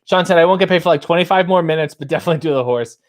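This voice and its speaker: A man's voice: on the high side, racing. A middle-aged man hosting a casual live stream, reading out viewer comments and bawdy limericks with a playful sing-song lift. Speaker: host.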